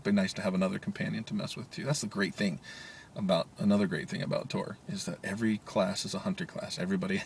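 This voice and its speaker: A man's voice: lowish voice, slightly rough. A man talking casually in a daily video blog, rambling with many fillers and chuckling often. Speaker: vlogger. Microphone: handheld media player camera.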